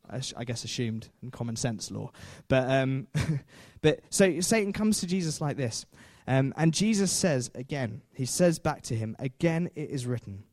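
A man's voice: medium pitch, a little mellow, dry recording. Male preacher, chatty sermon, joking asides, dry close sound.

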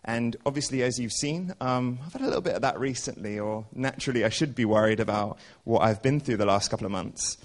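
Casual, earnest young preacher. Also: male voice, mid-range voice, quick pace, few pauses. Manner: casual, earnest, with many fillers. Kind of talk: church sermon.

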